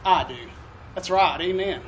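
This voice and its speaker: A man's voice: high-pitched, unhurried, fairly bright tone, slight background noise. A man preaching a folksy sermon with call-and-response, recorded in a church sanctuary from a distant mic. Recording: echoey room from a distant mic.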